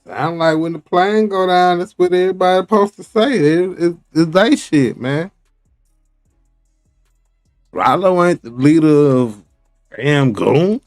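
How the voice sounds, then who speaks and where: A man chats in a slow, drawn-out way, his voice a little on the high side. His sound is dry and close, with faint music playing behind him. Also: lively intonation, no room sound. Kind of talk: casual chat.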